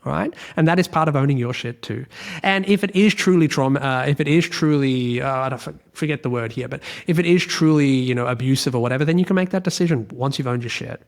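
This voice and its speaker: A man's voice: mid-range voice, quick pace, vocal fry. An Australian man hosting a solo podcast, talking bluntly and emphatically, swearing freely and repeating his key points. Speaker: podcast host, relationship coach.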